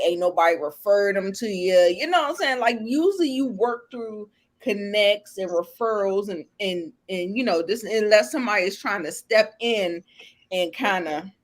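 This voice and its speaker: A woman co-hosting a casual TV recap chat, chatty and full of "like" fillers. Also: medium pitch. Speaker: co-host.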